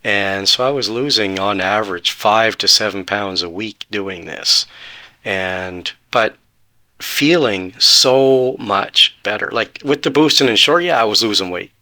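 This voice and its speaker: A man in his forties tells his personal story as a podcast guest, voice sitting fairly low yet bright and forceful. He talks earnestly and plays out past conversations in quoted lines. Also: moderate pace.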